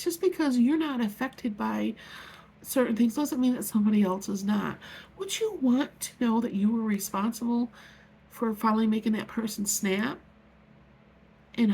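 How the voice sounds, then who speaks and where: Earnest woman with a gravelly voice. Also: on the high side, a little mellow. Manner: earnest, heartfelt, rambling with many restarts. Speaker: vlogger. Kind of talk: emotional personal vlog.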